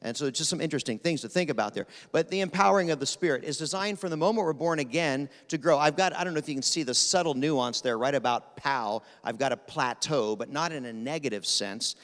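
A man from Pennsylvania, preaching a sermon as guest speaker in a quick, animated, rapid-fire way. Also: a little high. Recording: long reverb of a large hall.

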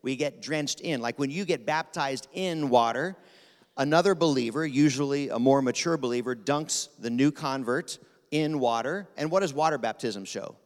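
A man from Pennsylvania, preaching a sermon as guest speaker in a quick, animated, rapid-fire way. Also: mid-range voice. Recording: long reverb of a large hall.

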